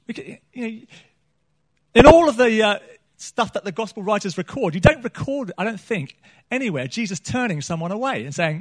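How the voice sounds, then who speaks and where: A man's voice: high-pitched, expressive, moderate pace. A man preaching a sermon on a small church stage, chatty and joking, throwing questions out to the congregation.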